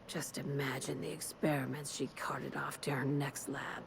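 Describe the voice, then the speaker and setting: A woman's voice: rumbling low, level tone, moderate pace, creaky, background noise. A woman voicing a cynical corporate woman who hires an assassin in a video game, blunt and sardonic.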